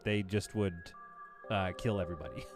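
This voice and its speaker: A man's voice: low voice, fairly even intonation, normal speed, faint music behind. A man casually chatting on a live game stream, reading out viewer messages and laughing often. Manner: chatty, reads chat aloud, laughs often. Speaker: livestream gamer host.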